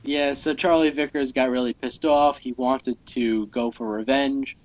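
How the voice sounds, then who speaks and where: A man's voice: medium pitch, fairly even intonation, a little slow, darkish tone. Rambling male podcast co-host, lo-fi audio. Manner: rambling, many fillers, reads lines aloud. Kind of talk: casual comic book podcast chat.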